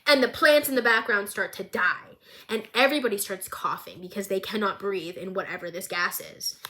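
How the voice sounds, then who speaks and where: A woman's voice: mid-range voice, normal speed, sharp tone. A woman vlogger giving a casual, chaotic show recap with jokey, rambling asides.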